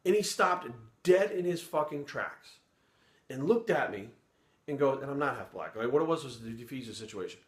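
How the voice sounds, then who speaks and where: A man's voice: medium pitch, animated, normal speed. A middle-aged man from Rhode Island tells a story from his police days, his voice sitting in a mid range. He talks bluntly and casually, with swearing in nearly every sentence. The recording has a noticeable roomy echo. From Providence, Rhode Island. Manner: blunt, heavily profane, conversational. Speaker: former police sergeant telling a story.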